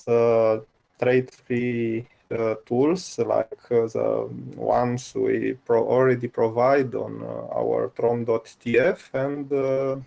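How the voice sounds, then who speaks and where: Slow, gravelly, hesitant man. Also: mid-range voice, little pitch movement, dark tone. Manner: hesitant, many uh fillers. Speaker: co-host. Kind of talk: casual chat.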